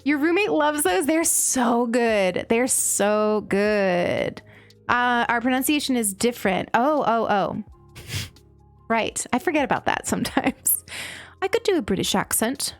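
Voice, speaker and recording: A young woman from the United States streams a game, her high voice moving at a normal speed over soft background music in a dry recording. She chats casually with her chat, reads it, and tells animated stories with lots of giggling.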